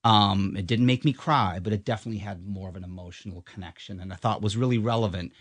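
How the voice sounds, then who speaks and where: Low-voiced Midwestern man, rambling chat. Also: fast talker, no room sound. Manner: rambling with frequent ums and restarts. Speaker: advertising media guest. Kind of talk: casual interview chat.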